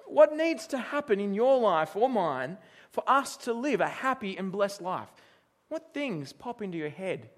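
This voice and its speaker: A middle-aged man with a high, light voice preaches to a congregation. His manner is chatty and anecdotal, and he stops now and then to put questions to his listeners. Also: very animated, a little slow. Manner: conversational, storytelling, asks the congregation questions. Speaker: pastor. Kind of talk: sermon.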